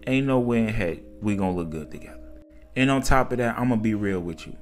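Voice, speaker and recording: A man voicing a shy, insecure mother of four who speaks softly and hesitantly. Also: fairly low pitch, lively intonation, quick pace, soft background music, lightly acted. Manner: soft, hesitant, self-doubting.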